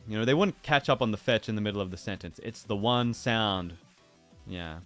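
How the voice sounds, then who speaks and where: A man with a somewhat low voice talks casually to his livestream audience. He muses aloud in a playful, meandering way and slips into silly voices now and then. Faint music plays underneath. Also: fairly quick, fairly bright tone. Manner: musing, playful, drifts into silly put-on voices. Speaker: streamer.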